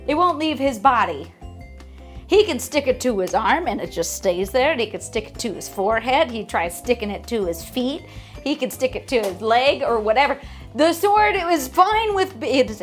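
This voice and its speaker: A woman's voice: sits high, very animated, moderate pace, soft background music. A woman hosting a casual book club recap, chatty with lots of fillers and some swearing. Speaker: host.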